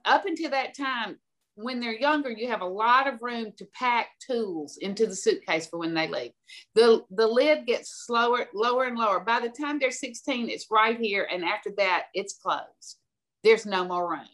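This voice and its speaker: A woman's voice: a little high, normal speed, a bit bright. Emphatic older woman telling stories. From American South. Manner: emphatic, storytelling, direct. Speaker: podcast guest. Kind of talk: conversational advice.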